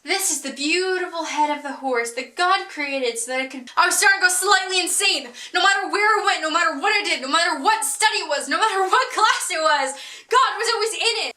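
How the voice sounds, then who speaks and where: A young woman telling a storytime vlog in an animated, self-mocking way with frequent laughs. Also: high voice, reverberant. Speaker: vlogger.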